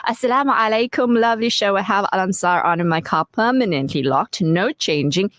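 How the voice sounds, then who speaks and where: A woman hosting a casual radio interview from a studio, reading listener messages aloud with lively emphasis. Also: mid-range voice, brisk, no room sound. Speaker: radio show host.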